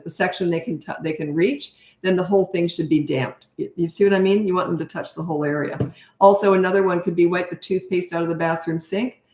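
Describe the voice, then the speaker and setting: In a live Q&A recorded with a roomy echo, a middle-aged parenting coach answers viewer comments bluntly and directly, often adding "okay?" or "right?". Her voice is fairly low in pitch with a darkish tone.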